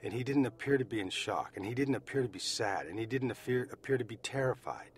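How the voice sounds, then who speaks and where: An American man recounting his own experience as an eyewitness, speaking deliberately and repeating phrases for emphasis. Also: medium pitch, expressive, a little hiss or hum. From United States. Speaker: eyewitness survivor. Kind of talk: personal testimony.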